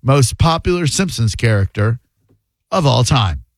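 A man hosting a call-in radio show, chatting in a casual, animated way with quick asides. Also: mid-range voice, no room sound.

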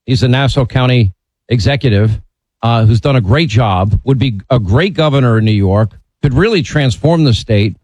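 A man hosts a call-in radio show, talking bluntly with strong opinions. His voice sits at a middle pitch. The sound is dry and close. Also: moderate pace, a little mellow, no room sound, rough recording. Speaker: radio talk show host. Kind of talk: talk radio, taking calls.

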